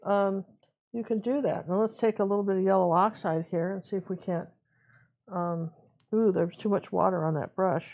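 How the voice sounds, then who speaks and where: Woman painting instructor, casual running commentary, mid-pitched, slightly muffled audio. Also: normal speed. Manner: relaxed, chatty, talks to herself while working. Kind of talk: live painting tutorial.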